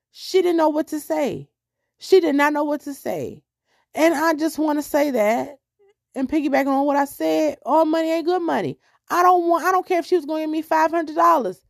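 A woman's voice: sits high, expressive, normal speed, no room sound, clean studio sound. A middle-aged woman hosting her own podcast, telling a story in a casual monologue and acting out both sides of an argument. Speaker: podcast host.

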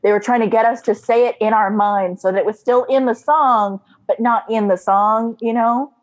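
A young woman in casual chat, emphatic and animated, laughing often. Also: fairly high pitch, normal speed.

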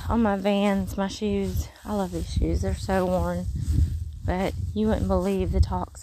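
A woman giving casual spiritual encouragement while walking outdoors in the countryside, earnest and rambling, with soft whispered asides. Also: medium pitch, flat delivery, takes it slowly, a little hiss or hum, low-quality recording. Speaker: faith vlogger.

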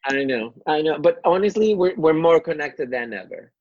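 A podcast co-host who talks calmly with a wry, joking edge. The recording is completely dry and a bit muffled, with a middle-range voice. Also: medium pitch, normal speed, no echo. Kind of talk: casual chat. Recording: dry, lo-fi sound.

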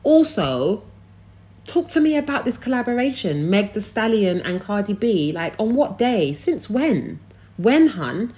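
A woman's voice: mid-range voice, sing-song, a little slow, dark tone. A young woman hosting a podcast, ranting casually and bluntly, swearing freely. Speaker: podcast host. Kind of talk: casual opinion rant.

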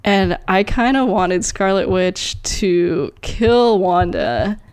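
Woman podcast co-host, slow and laid-back, filler-heavy, middle pitch. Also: animated, darkish tone, clean tone. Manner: unhurried, filler-heavy, lots of "like". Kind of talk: casual chat.

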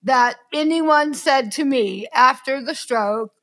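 A woman's voice: high-pitched, slow, bright, forceful tone. A woman hosting a podcast, talking earnestly and emphatically in casual conversation, often acting out what people said. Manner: earnest, emphatic, acts out quoted speech. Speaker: podcast host.

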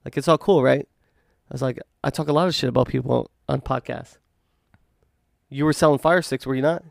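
A man hosting a podcast, telling a story in animated casual chat, acting out quotes and swearing freely. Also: medium pitch, a little fast, creaky, dry recording, clean studio sound. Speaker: podcast host.

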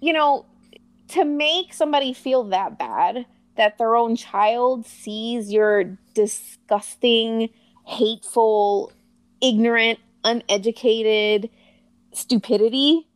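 A woman's voice: on the high side, clean tone. Emphatic woman telling a personal story. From Spanish-speaking family. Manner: heated, emphatic storytelling, slows to stress words. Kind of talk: casual podcast chat.

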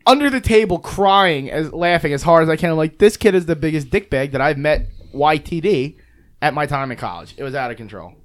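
A man's voice: on the high side, lively intonation, a little fast. A young man co-hosting a podcast, telling a rambling, profane story and often talking over the others. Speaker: podcast co-host. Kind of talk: casual chat, storytelling.

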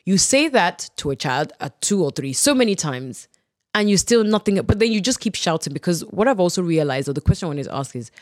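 A podcast host, lively and quick to laugh, who sums up the guest's points. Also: medium pitch, no room sound, clean studio sound. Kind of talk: casual podcast discussion.

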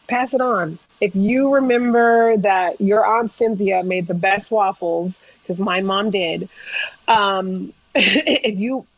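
A woman chef on a podcast, an animated storyteller who laughs often as she talks. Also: medium pitch, no echo, dull audio. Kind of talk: casual interview chat.

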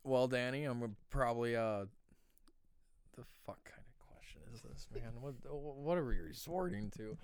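A young man co-hosting a casual podcast, animated, swearing and laughing a lot. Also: mid-range voice, normal speed, clear, resonant tone. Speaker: podcast co-host. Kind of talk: casual chat.

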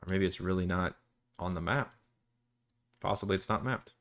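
Speaking at normal speed in a low-pitched, slightly bright voice, a Texan dungeon master casually rambles through his campaign prep on a live stream. He often restarts sentences and occasionally curses.

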